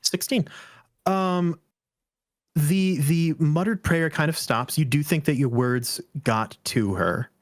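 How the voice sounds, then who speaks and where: A young adult man running a tabletop game as game master, describing scenes in a relaxed way and calling for dice rolls. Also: on the high side, slow, no echo, clean studio sound.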